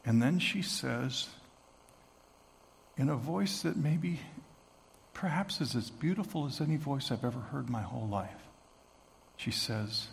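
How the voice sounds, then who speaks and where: A man preaching a sermon as a story, moving from hushed tones to shouting. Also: medium pitch, lively intonation, unhurried, creaky, pauses often, big-room sound. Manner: dramatic, swings from hushed to shouting.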